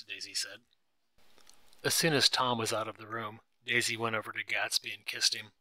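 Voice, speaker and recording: A man narrates a storybook in a clear, steady way. His voice sits low but sounds very bright and forward. The recording is dry and close. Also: normal speed, no echo, rough recording.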